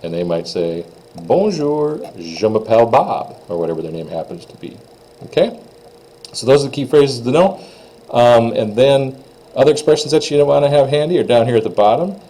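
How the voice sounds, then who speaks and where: A man's voice: medium pitch, expressive, a little fast, warm tone, low-quality recording. A man from Minnesota teaching a beginner French lesson, patiently explaining phrases and modeling pronunciation. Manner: patient, plain-spoken, models pronunciations in a raised voice. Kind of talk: recorded classroom lesson.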